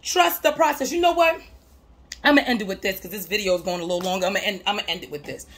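A woman vlogger talking about her recovery, emphatic and repetitive like a preacher, often laughing and breaking into shouts. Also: mid-range voice, quick pace. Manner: emphatic, repeats phrases, preacher-like cadence. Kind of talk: motivational talk to camera.

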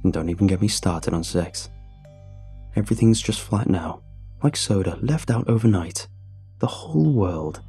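A man voicing a bitter, self-pitying drunk with a graying beard, sobbing and low-voiced in a storybook reading. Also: expressive, moderate pace, warm tone, breathy edge, soft background music, exaggerated voice. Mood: mournful.

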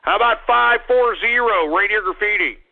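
Radio host, man, gravelly and very high, furious crude ranting, tinny phone-like sound. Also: normal speed. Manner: crude, furious, shouting insults. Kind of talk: angry on-air rant.

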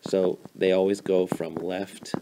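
A man's voice: low-pitched, level tone, takes it slowly, noisy background. A man teaching math, explaining a graph in a casual, informal way with a few fillers. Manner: informal, fillers, playful sound effects.

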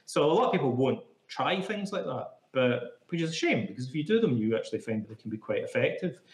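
A man's voice: medium pitch, sing-song, fast talker. A man being interviewed as a psychotherapist, explaining things in a chatty, casual way full of "like" fillers. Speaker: psychotherapist guest. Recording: echoey room.

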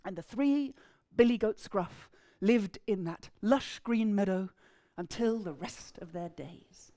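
A woman's voice: mid-range voice, lively intonation, slow, mellow, no echo, clean studio sound. A woman from England, telling a folk tale expressively to an audience. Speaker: storyteller. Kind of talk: oral storytelling to a live audience.

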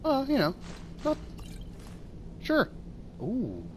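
A man's voice: very high-pitched, huge pitch swings, extremely slow, a little hiss or hum. A man hosting a let's play, rambling and wisecracking through his gameplay commentary.

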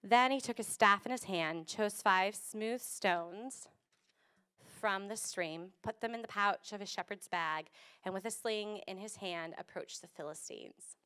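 A woman pastor giving a casual, animated sermon and acting out voices, streamed over a video call. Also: medium pitch, unhurried, clear, resonant tone.

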